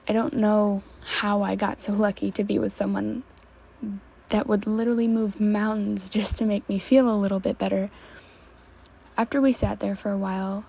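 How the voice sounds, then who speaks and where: Husky woman reading fanfiction. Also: mid-range voice, dark tone. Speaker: fanfiction reader.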